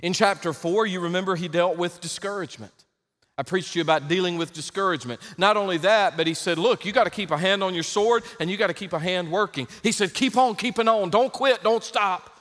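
A male pastor delivering an emphatic sermon, rising to loud exhortation. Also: sits high, fast talker, long reverb tail.

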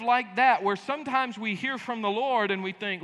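Middle-aged man, preacher, bright and slightly high voice, folksy and emphatic, long hall reverb. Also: sing-song, slow. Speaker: pastor. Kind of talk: sermon. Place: church sanctuary.

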